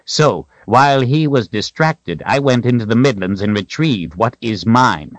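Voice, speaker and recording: A man voicing an old, bony male wizard who is proud and cryptic, talking in high proclamations and secretive asides. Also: expressive, unhurried, no room sound, natural voice. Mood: wry, knowing.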